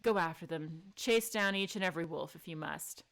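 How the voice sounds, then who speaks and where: A woman reading the lines of a cold, bored male villain commander in a story game, in a calm, clipped voice. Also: fairly low pitch, normal speed.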